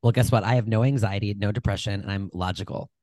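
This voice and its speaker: Teasing, animated man co-hosting a chat. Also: on the low side, fast, no echo. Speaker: podcast co-host. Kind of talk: casual chat. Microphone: desk mic on a short stand.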